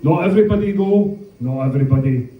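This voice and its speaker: A man's voice: high-pitched, quick pace, phone-quality sound. A man in his thirties with a Scottish accent, doing a wry, self-mocking stand-up set with plenty of swearing. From Scotland. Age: 30s. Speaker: stand-up comedian. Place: comedy club stage with audience. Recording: echoey room, mic from a distance.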